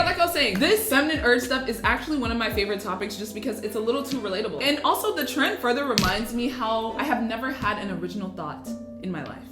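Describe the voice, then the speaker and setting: Playful American woman, echoey room with music. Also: a little high. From Texas, USA. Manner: playful, jokey, swings between loud outbursts and mutters. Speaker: YouTuber host. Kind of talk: casual vlog commentary. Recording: roomy echo with music behind.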